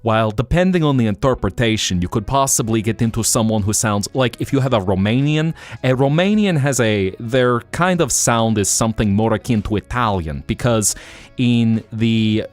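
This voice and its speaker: A man hosting a live stream, chatting casually in an animated, rambling, jokey way. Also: mid-range voice, normal speed.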